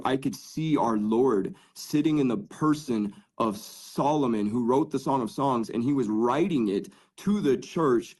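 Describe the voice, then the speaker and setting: A man's voice: medium pitch, a little slow, few pauses, a little mellow. A man on a podcast telling his faith testimony in an earnest, casual way, full of "dude" and "like". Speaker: podcast guest.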